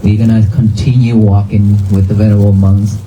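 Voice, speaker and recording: A monk from Vietnam giving a calm dharma talk outdoors to a crowd, often pausing to put questions to his listeners. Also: fairly low pitch, lo-fi sound. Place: outdoors in a cemetery.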